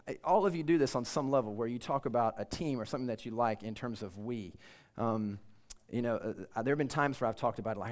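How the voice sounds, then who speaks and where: A man's voice: mid-range voice, quick pace, darkish tone. A male pastor delivers a casual, conversational sermon to a room of students. He is earnest but informal, and he pokes fun at himself as he goes. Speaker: campus pastor.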